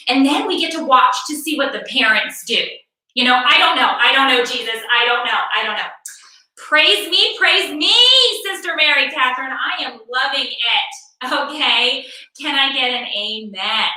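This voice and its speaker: A woman's voice: a little high, moderate pace, sharp tone. A middle-aged woman doing a stand-up comedy routine from home, ranting in a sarcastic, exasperated way and repeating words for effect. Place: home room, performing for a virtual show. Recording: very echoey room, far from mic.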